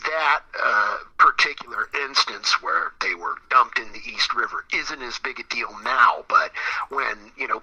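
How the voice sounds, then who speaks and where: A man interviewed as a musician guest, talking casually in a rambling, halting way, repeating words and getting emphatic. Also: mid-range voice, sharp tone, husky, low-quality recording. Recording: radio broadcast.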